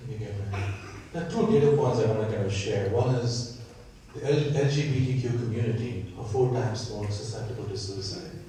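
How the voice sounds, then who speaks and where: A man's voice: lowish voice, a little fast, mellow, a little hiss or hum. A man with an Indian accent moderating a panel discussion, earnest and often checking in with "right?". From San Diego. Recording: echoey room, from far off.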